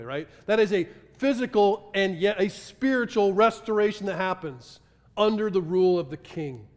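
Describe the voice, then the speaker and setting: A man preaching a sermon with passion, moving between loud urgency and hushed intensity. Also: high-pitched. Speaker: pastor. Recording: long hall reverb.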